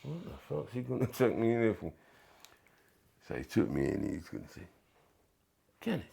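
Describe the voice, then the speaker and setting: A former footballer recounting his playing days in a casual interview, animated and full of swearing, often acting out what others said. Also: mid-range voice, fairly quick, creaky, pauses often, slightly rough. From England. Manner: animated, swearing, acts out quoted voices. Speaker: former footballer, podcast guest.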